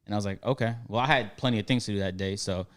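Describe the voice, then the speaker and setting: A man's voice: fairly low pitch, rapid-fire, fairly bright tone. A young man casually telling a story on a podcast, acting out both sides with slang.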